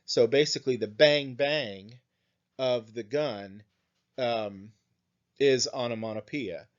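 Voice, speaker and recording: A man's voice: mid-range voice, highs cut off. A man teaching an English class, explaining poems and song lyrics with frequent "right?" checks and fillers. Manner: slow, thinking aloud with frequent "right?" and "um"; reads lyrics and verse aloud. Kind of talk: recorded lecture.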